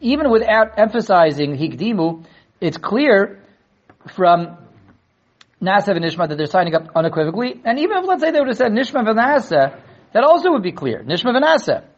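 Talmud class teacher, man, lively and a bit high, stumbles into quick restarts, muffled lo-fi sound. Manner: animated, acts out quoted dialogue; repeats words in quick restarts. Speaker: Torah teacher.

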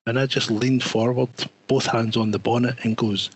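A Scottish man in a casual podcast chat, a relaxed storyteller. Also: mid-range voice, normal speed, breathy edge, low-quality recording.

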